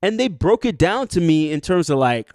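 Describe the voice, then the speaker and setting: A man's voice: on the high side, sing-song, moderate pace, darkish tone, no echo, clean studio sound. A man co-hosting a podcast, telling a long story in casual chat, rambling with fillers and street slang, often quoting people mid-story. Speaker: podcast co-host.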